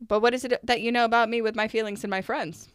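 A young adult woman co-hosting a casual podcast, talking in an earnest, reflective way and quick to laugh. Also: fairly high pitch, fairly even intonation, clean tone, no room sound, clean studio sound. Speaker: podcast co-host.

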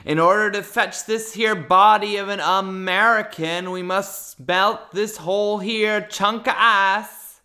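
A woman's voice: medium pitch, steady tone, slow pace, few pauses, bright, forceful tone, pitched above the performer's own voice. A woman voicing an imagined smug Texan official in a mocking Texan accent. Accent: Texan, put on.

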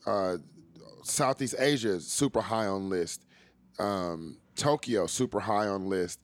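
A man's voice: on the low side, a little slow, dry recording. A Californian man with an American accent chatting casually about travel, loose and profane, laughing often. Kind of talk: casual chat.

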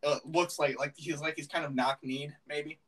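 A man's voice: fairly high pitch, steady tone, moderate pace, fairly bright tone, recorded from a distance, rough recording. A young man hosting a podcast, telling a story in casual chat and laughing often. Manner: giggly storytelling, frequent laughter. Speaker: podcast host.

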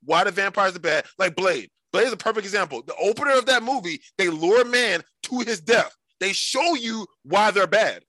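A man's voice: high voice, animated, moderate pace, few pauses, sharp tone, no echo, rough recording. A man co-hosting a podcast, arguing animatedly in casual chat and repeating himself to make his point. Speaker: podcast co-host.

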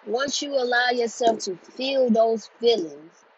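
A woman's voice: fairly high pitch, animated, unhurried. Woman, blunt and profane, repeats for emphasis; dull lo-fi recording. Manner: grows louder and more forceful as she goes. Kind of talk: candid monologue on healing. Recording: dull lo-fi recording with faint noise.

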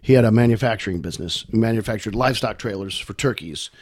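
A man's voice: lowish voice, fast talker, a little mellow, no room sound. A middle-aged man from Missouri, a guest on a podcast, telling family stories in a chatty, self-deprecating way. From Missouri, USA. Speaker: guest, actor. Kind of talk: casual conversation.

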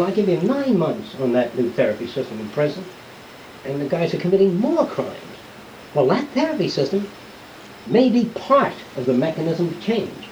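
A man's voice: high-pitched, a little mellow, lo-fi sound. A man giving an unscripted classroom lecture, blunt and rambling, swearing and acting out the people he quotes. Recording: old lecture tape with hiss.

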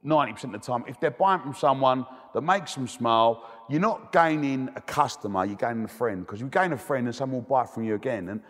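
Guy, cheeky anecdotes, mid-pitched, hall reverb on the voice. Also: fast, hardly any pauses, a bit bright. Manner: cheeky, chatty storyteller with many restarts. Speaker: guest. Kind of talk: telling anecdotes in interview. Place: debating hall.

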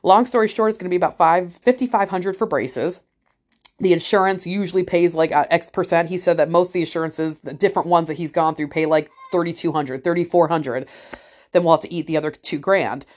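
A woman's voice: lowish voice, brisk. A woman telling a story in a casual vlog, blunt and profane, acting out the people she talks about. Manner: blunt, profane, acts out other people's voices.

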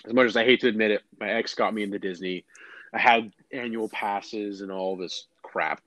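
A man's voice: fairly low pitch, fairly even intonation, moderate pace, fairly bright tone, dry recording. A young American man rambling in a casual chat, full of fillers and restarts.

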